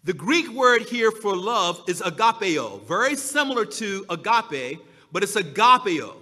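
A man preaching a sermon as pastor, slow and emphatic, drawing out his key words. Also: sits high, bright, forceful tone, big-room sound.

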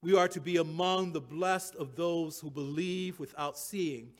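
A man's voice: fairly high pitch, measured pace. A man preaching a sermon, reading scripture aloud and repeating key phrases and verse references, swelling to emphatic peaks.

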